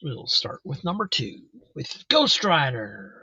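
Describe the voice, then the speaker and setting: A man's voice: medium pitch, big pitch swings, slow, sharp tone, slightly rough, no echo, highs cut off. A man casually hosting a live comic book auction, chatting as he describes each issue.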